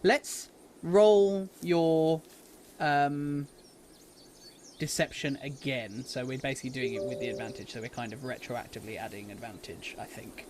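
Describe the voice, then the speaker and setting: A man's voice: medium pitch, measured pace, darkish tone, a little hiss or hum. A British man as dungeon master, narrating an improvised tabletop game and thinking his rulings through aloud. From Britain.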